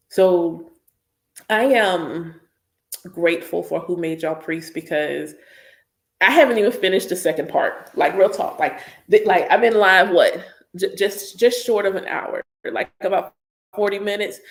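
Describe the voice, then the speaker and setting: Animated woman preaching in an echoey room. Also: lowish voice, gravelly. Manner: animated and emphatic, repeats points for stress. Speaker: spiritual teacher reacting live. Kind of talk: live reaction stream, preachy casual talk.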